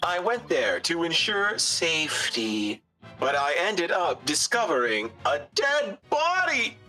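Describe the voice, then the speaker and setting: A man's voice: on the high side, slow, soft background music, heavily acted. A synthesized male voice as a robotic bomb expert. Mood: flat. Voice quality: robotic text-to-speech voice. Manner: clipped, flat, telegraphic phrasing. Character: terse male bomb expert speaking through a speech synthesizer.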